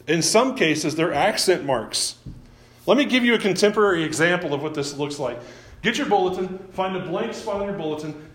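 Pastor, male, slightly high voice, chatty sermon delivery with frequent restarts, echoey church room. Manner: conversational, often restarts words, quizzes the congregation. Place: church sanctuary.

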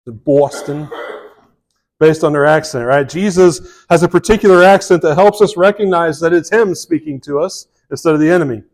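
Folksy pastor, fairly high voice. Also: male voice, brisk, hardly any pauses. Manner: conversational, folksy, with asides and restarts. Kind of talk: sermon.

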